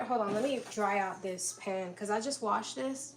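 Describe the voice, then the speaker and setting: A young woman with a mid-range voice speaks at a moderate pace while hosting a casual cooking livestream from her home kitchen, making dinner, chatting with viewers by name and laughing often. The recording is rough, with pots and dishes clattering and household noise in the background.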